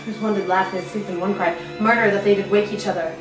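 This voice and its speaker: A haunted Scottish nobleman, anxious and tormented, declaiming verse intensely, as a woman plays him. The voice rings through a very echoey room with clear music underneath. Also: medium pitch, steady tone, fast, close to an everyday voice. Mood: shaken. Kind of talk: stage acting of verse drama.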